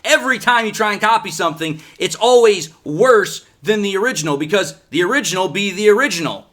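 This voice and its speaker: A man hosting a sports commentary show, talking in a sarcastic, animated way with lots of rhetorical questions. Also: high-pitched, fairly quick. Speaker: sports podcast host.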